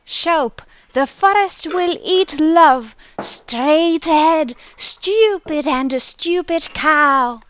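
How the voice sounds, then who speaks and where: A woman voicing tiny winged creatures that chatter nonsense in a shrill, drawn-out sing-song. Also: animated, exaggerated voice.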